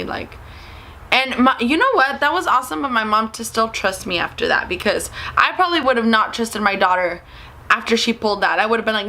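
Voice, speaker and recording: A woman's voice: on the high side, animated, brisk, vocal fry, sharp tone, slight background noise. A young woman telling a story in a casual, chatty vlog, switching into the voices of the people she quotes. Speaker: vlogger.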